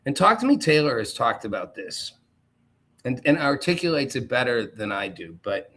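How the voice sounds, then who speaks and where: A show host delivers a sarcastic political commentary monologue in a medium-pitched, fairly bright voice at a moderate pace. He's very animated, mocking his targets with exaggerated put-on voices.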